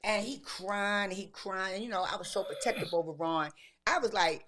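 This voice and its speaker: A woman in her sixties, a podcast guest, telling lively stories in casual chat and acting out her younger self. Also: medium pitch, normal speed. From Baltimore. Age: 60s. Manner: animated storyteller, acts out her younger self.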